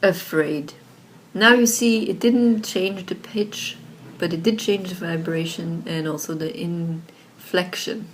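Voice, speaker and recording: Woman presenter, slightly low voice, relaxed and filler-heavy, built-in laptop mic with light background noise. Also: takes it slowly. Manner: chatty, many fillers like "like" and "you know". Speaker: software tutorial presenter. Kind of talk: casual screen-recorded tutorial. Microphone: built-in laptop microphone.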